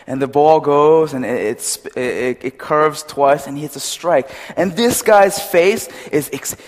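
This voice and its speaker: A man's voice: a little high, unhurried. A young man preaching a casual sermon, chatty and storytelling, with many asides to his congregation. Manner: chatty, storytelling, animated when retelling. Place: church hall. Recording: reverberant hall.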